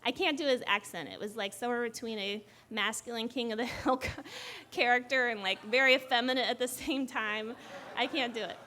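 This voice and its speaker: A young woman telling a personal story live, animated and often laughing as she talks. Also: on the high side, a little fast, a little hiss or hum.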